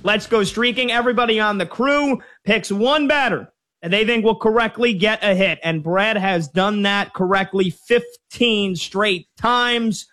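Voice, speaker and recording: A man hosting a casual sports show with upbeat, quick patter. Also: sits high, pushed and bright.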